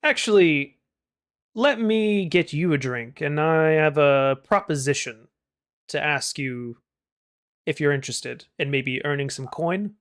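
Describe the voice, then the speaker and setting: A man voicing a polite, weary young village leader in a tabletop game, speaking in a formal, measured way. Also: a little high, a bit bright. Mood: friendly. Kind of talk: tabletop role-play.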